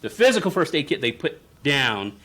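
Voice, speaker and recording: A man's voice: fairly high pitch, sing-song, moderate pace, sharp tone. A man, a therapist, giving a conference presentation in a conversational storytelling way and often checking in with the audience. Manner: storytelling, acts out parent and child voices; conversational, asks the audience "right?".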